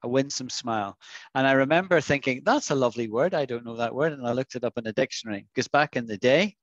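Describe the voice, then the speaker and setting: A man teaching an English vocabulary lesson in an online class, patiently coaxing students and modelling pronunciation slowly. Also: mid-range voice, no room sound, lo-fi sound. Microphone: video call.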